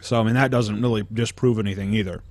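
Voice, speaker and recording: A man's voice: fairly low pitch, fast, no echo. A man co-hosting a casual podcast, commenting on a clip and breaking into profane rants. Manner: profane, ranting, animated. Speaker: podcast co-host.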